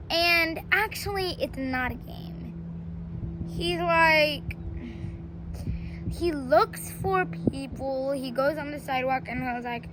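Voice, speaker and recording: A woman's voice: high voice, slow, long pauses, background noise. A woman casually retelling a storybook plot, chatty and rambling, with many fillers.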